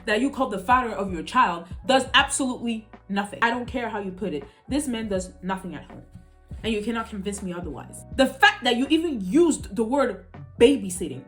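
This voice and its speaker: A young woman giving exasperated, ranting reaction commentary. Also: medium pitch. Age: young adult. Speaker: reaction video host.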